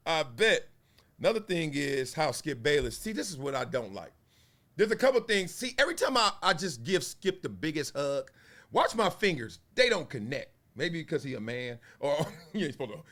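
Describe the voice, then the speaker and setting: Playful black-guy in his 40s riffing on sports drama, bright voice, pitch jumping all over. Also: normal speed. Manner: animated, playful, acts out quotes in voices. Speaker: sports commentary vlogger. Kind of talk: casual commentary.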